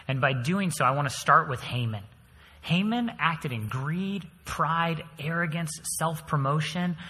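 A man preaching a sermon as a pastor, telling the story in an animated way with dramatic swings in volume. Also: medium pitch, long reverb tail.

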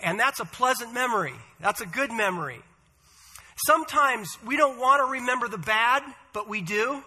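A man preaching a sermon in a measured, earnest way, with occasional "uh" fillers. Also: very high-pitched, expressive, pushed and bright, husky. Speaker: pastor.

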